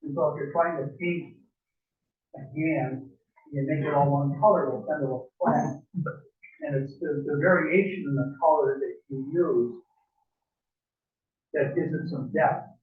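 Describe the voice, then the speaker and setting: A man's voice: fairly high pitch, fairly even intonation, unhurried, pauses often. Rambling older man demonstrating to a club. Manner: rambling, chuckling, many fillers. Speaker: woodworking club presenter. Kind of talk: informal demonstration talk. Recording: echoey room, far from mic, phone-like.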